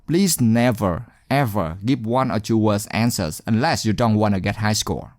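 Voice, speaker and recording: A man teaching exam speaking skills in scripted narration, encouraging and deliberate, stressing key words. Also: lowish voice, no room sound, clean studio sound.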